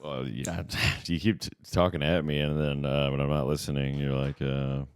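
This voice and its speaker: Very deep-voiced man on a comedy podcast. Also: little pitch movement, moderate pace, smooth, no echo. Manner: rambling, restarts and riffs with absurd jokes. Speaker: podcast co-host. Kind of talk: casual comedy banter. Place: podcast studio.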